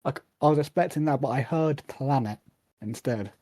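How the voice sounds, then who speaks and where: A man chatting casually on a podcast, chiming in with easygoing remarks. His voice is mellow and warm, recorded dry with no room sound. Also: mid-range voice, normal speed, no echo. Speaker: podcast co-host. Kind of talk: casual chat.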